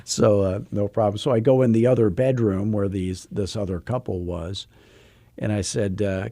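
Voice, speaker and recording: Guy doing a sales coaching podcast, lowish warm voice, rambles and restarts a lot, dry close sound. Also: fairly even intonation, moderate pace, dry recording. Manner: chatty, repeats himself, frequent restarts. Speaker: real estate sales coach. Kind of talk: podcast monologue with anecdotes.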